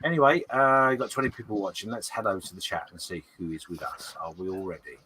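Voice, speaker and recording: A man co-hosting a casual livestream chat, jokey and quick to laugh. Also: fairly low pitch, expressive, sharp tone, a little hiss or hum, rough recording. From United Kingdom. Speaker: co-host.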